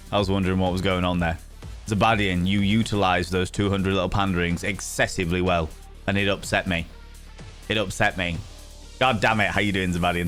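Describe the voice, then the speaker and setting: A man's voice: deep voice, fairly bright tone. A man chatting casually on a live stream in a flamboyant, theatrical, camp manner, reading out and thanking his chat.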